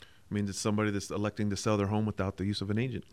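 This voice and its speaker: A man's voice: lowish voice, little pitch movement, rapid-fire, a little mellow, no echo. A man talking as a real estate agent guest, answering briefly and matter-of-factly. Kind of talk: casual chat.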